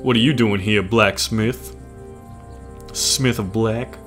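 A man's voice: fairly low pitch, fairly even intonation, takes it slowly, fairly bright tone, faint music behind. A man with a scratchy voice, giving joking, casual commentary on a game as he plays. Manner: playful, jokey, casual. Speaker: gaming channel host. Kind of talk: let's play commentary.

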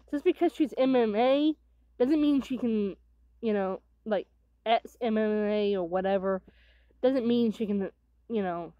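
A woman's voice: medium pitch, no room sound, highs cut off. A woman hosting a casual reaction video, talking in a rambling, chatty way full of fillers.

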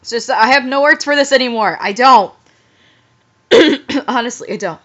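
A woman reading a story aloud for comedy, with exasperated, halting asides. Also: on the high side, expressive, fairly bright tone. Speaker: reader and commentator. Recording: dull lo-fi recording.

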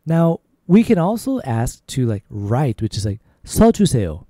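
A man teaching a language lesson on a podcast in an easy, casual way, full of fillers. His voice is mellow and sits a little high, and it is recorded dry and close with no room sound. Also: sing-song, dry recording. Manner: repeats phrases slowly, then faster, for drilling.

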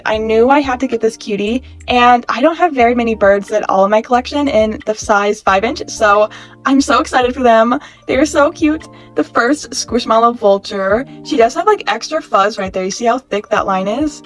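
A woman in her twenties chatting excitedly in a casual haul vlog, gushing and saying "like" often. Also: on the high side, normal speed, faint music behind. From California. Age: 20s. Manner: bubbly, gushing, chatty with many "like"s. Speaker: YouTuber reviewing toys.

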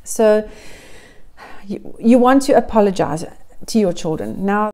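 Speaking at a normal pace in a mellow, mid-range voice, a middle-aged woman delivers a direct-to-camera parenting advice vlog. As a coach, she is earnest and encouraging, with phrases often repeated in list form.

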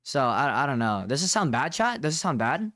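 This streamer's mid-range voice swings widely in pitch and moves a little fast, sounding a bit bright in a dry recording. Talking casually to viewers from a home setup on a close condenser desk mic, they're restless, keep asking questions and lean on "bro" and "dude."

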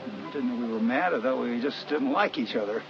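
A man's voice: mid-range voice, brisk, natural voice. An actor in his eighties playing a cranky, sarcastic old man in a film trailer, speaking with dry, needling wit. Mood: wry. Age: 80s. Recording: muffled film trailer audio with music.

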